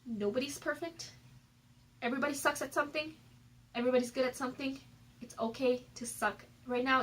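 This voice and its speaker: A woman's voice: fairly high pitch, fairly bright tone, slight background noise, rough recording. A woman vlogger giving personal development advice in a candid, chatty way, filling her talk with "like" and "um", recorded on a phone. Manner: candid and chatty, many fillers like "like" and "um". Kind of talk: casual advice vlog.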